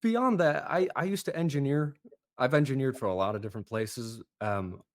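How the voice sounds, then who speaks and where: A man who coaches accents, chatting as a podcast guest and telling lively, animated stories. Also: medium pitch, normal speed. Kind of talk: casual podcast chat.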